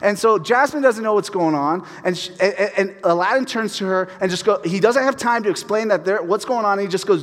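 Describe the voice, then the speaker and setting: A pastor delivers a sermon in a relaxed, conversational way, acting out the voices in his stories. His voice sits a little high for a man. It rings out with the long reverb of a church hall. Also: moderate pace, few pauses. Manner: casual and animated, acts out voices in stories.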